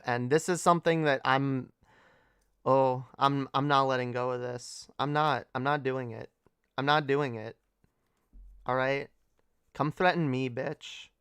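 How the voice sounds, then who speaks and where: Slow, sarcastic, profane streamer woman. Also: rumbling low, smooth, no echo, clean studio sound. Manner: sarcastic, profane, laughs often. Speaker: livestream host. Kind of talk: casual late-night livestream rant.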